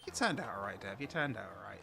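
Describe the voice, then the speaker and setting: A man chatting casually on a stream, calm and rambling, often restarting his sentences. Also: on the low side, fast, creaky, noisy background. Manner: rambling, calm, self-correcting. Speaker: streamer co-host. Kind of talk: casual chat.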